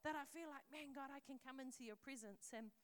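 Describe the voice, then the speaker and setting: A woman's voice: high-pitched, a little fast. A woman preaching a sermon, earnest and conversational, reading scripture aloud in a storytelling voice.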